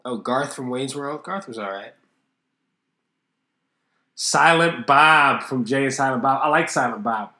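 A man's voice: medium pitch, a little slow, pauses often, sharp tone, echoey room. A man hosting a casual solo podcast, rambling and swearing freely while joking at his own expense. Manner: rambling, profane, self-deprecating. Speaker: podcast host.

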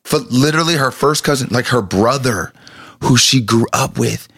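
A man's voice: medium pitch, moderate pace, fairly bright tone, husky, no echo, studio quality. A man in his thirties, a pastor, chatting casually and telling an emotional personal story with stumbling restarts.

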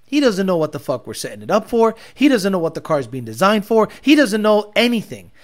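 Brief: male streamer who swears constantly and jeers at chat, with an animated, swooping delivery. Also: sits high, a little fast. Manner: profane, mocking, rambling storyteller. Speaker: livestream host reading chat. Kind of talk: casual profane livestream rant.

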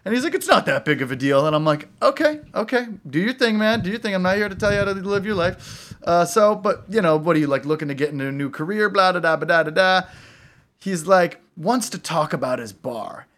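Male podcast co-host, casual storyteller, slightly high voice. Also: a little fast. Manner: animated storyteller, swings his voice up and down. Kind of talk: casual chat.

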